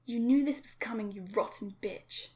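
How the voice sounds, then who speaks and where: A woman voicing a furious murderous father who snarls and shouts threats at his daughter in a creepypasta reading. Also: medium pitch, steady tone, takes it slowly, close to an everyday voice. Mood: yelling. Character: furious murderous man, a young girl's father.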